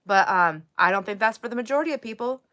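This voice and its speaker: This middle-aged woman hosts a live stream, chatting away with easy laughter and frequently restarting her sentences. Her medium-pitched voice is expressive, bright and forceful, and she talks at a quick pace.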